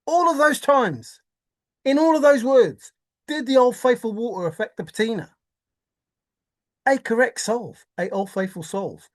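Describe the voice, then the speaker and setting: Woman, solo vlog rant, slow and very animated, exclaiming, melodramatic. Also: a little high. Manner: theatrical, exclaiming, mock-despairing, repetitive. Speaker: treasure hunt video maker. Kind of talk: excited solo monologue.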